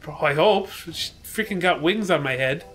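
A man's voice: on the high side, animated, normal speed, fairly bright tone, soft background music, rough recording. Laid-back young man playing a game. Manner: laid-back, playful, laughs often. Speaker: let's play co-host. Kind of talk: casual gaming commentary.

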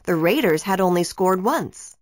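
A woman reading a children's storybook aloud in an expressive storytelling way. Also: on the low side, moderate pace, dry recording. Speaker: narrator. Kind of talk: children's book read-aloud.

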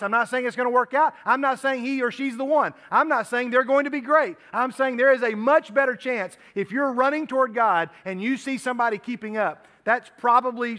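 Bright-voiced man preaching in a hall. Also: sits high. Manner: earnest, conversational, repeats phrases. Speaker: youth pastor. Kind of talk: sermon. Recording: long hall reverb.

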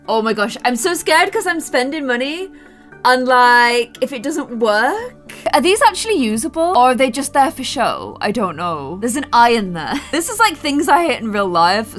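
A woman's voice: medium pitch, a bit bright. A young woman commenting on her own life-sim gameplay in a chatty, giggly, self-mocking way. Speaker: gaming YouTuber. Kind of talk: Let's Play commentary.

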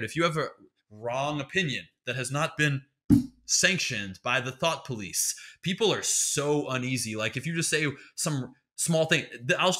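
A man hosting a podcast, rambling through a comedic monologue full of swearing and sarcasm. His voice is somewhat high for a man and very bright and forceful. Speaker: podcast host.

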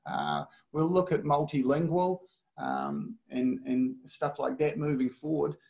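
A man, a startup co-founder, talking in an easygoing, halting way with false starts during a webinar. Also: on the high side, expressive, vocal fry, a little mellow, lo-fi sound. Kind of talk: casual webinar conversation.

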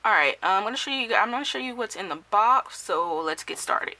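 A woman's voice: mid-range voice, animated, fairly quick, bright, forceful tone, poor audio. A woman casually reviewing and unboxing a gadget, talking hesitantly with many ums and self-corrections. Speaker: product reviewer.

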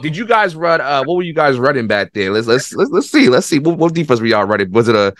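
A man's voice: medium pitch, big pitch swings, quick pace, no room sound, studio quality. A man about to turn thirty hosting a casual interview, chatty and laughing along, swearing now and then as he talks football. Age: 30s. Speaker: interview host, football coach.

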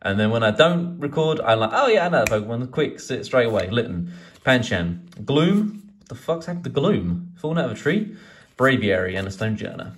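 A man chatting casually as he opens card packs, swearing and rambling excitedly. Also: medium pitch, fairly quick. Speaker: card collecting YouTuber. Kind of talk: casual pack-opening vlog.

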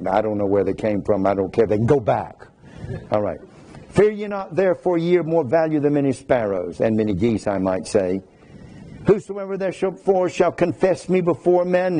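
A male pastor delivering a sermon in a warm, husky voice that sits a touch high. He reads scripture in a formal cadence and breaks into folksy asides to his listeners. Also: expressive, normal speed, low-quality recording.

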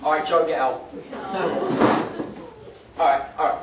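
A young Englishman compères a live comedy night in a pub function room, joking with and teasing the audience in a self-mocking, bantering way. His voice is a little high, with a level tone and an unhurried delivery. It's recorded from far off in an echoey room, with room noise and crowd murmur behind him.

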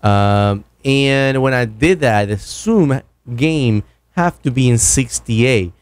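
A man's voice: mid-range voice, takes it slowly, smooth, no echo. A man casually reviewing microphones from his home studio, rambling and correcting himself as he goes, speaking close into a broadcast mic. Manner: rambling, self-correcting, enthusiastic. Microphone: broadcast dynamic mic, close.

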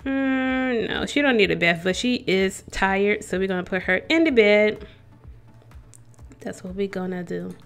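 A woman's voice: mid-range voice, a little slow, vocal fry, clear, resonant tone, faint music behind. A young woman gives casual gameplay commentary as a let's play host, chatting to her characters and to viewers.

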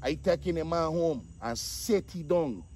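A man, animated casual storytelling, acting out the voices of the people in his story. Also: on the high side, measured pace, slightly rough. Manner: animated, acts out quotes, repeats 'dog'.

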